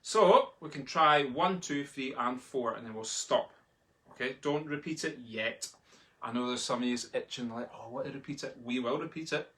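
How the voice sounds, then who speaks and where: A Scottish man teaching a drumming lesson online from home, talking in a relaxed, chatty way and chanting the sticking patterns aloud. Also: mid-range voice. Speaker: drum tutor. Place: home, a street outside.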